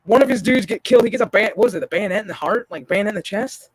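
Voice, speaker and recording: A man hosting a gaming stream, telling a story in casual chat, profane and animated. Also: high voice, rapid-fire, husky, no echo.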